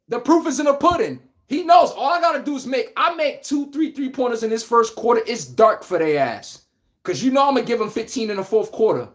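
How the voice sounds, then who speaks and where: A man hosting a live basketball talk stream, animated and trash-talking, laughing often and answering viewers by name. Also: very high-pitched, fairly quick. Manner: addresses chat viewers by name. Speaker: podcast host. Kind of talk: casual live sports talk.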